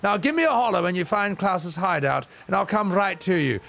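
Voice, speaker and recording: A man's voice: high voice, animated, fairly quick, vocal fry, a bit bright, voice pushed up, full character voice. A man voicing a desperate, rude old English woman with an English accent, haughty and insulting.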